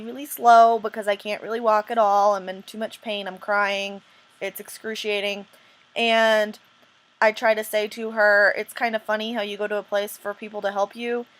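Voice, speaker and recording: A woman vlogger shares a personal story casually, wandering off track and filling it with restarts and "um"s. She comes across as earnest and indignant, her mid-range voice a bit bright, on poor-quality audio.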